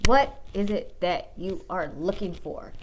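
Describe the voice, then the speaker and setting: A woman's voice: on the low side, lively intonation, a little slow, darkish tone, a little hiss or hum. A woman in her thirties giving casual dating advice straight to the viewer, blunt and full of swearing. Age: 30s.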